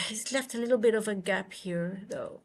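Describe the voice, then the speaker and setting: A woman's voice: mid-range voice, normal speed. Dutch woman, trading streamer, loose chatty delivery, reads chat aloud, fixes her own slips mid-sentence. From Netherlands. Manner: chatty, self-correcting, reads and answers live chat.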